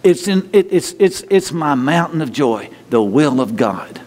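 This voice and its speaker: A man's voice: on the high side, big pitch swings, a little slow, a little mellow, slight background noise. A pastor preaching a sermon in a conversational way, often restarting phrases and chuckling as he talks to the congregation. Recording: long hall reverb.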